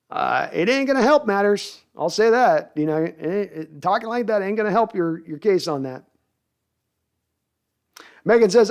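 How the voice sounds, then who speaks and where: A man's voice: high voice, animated, unhurried, pauses often, a little mellow. A man hosting a podcast, chatting casually as he answers viewer comments and rambles with frequent restarts. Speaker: podcast host.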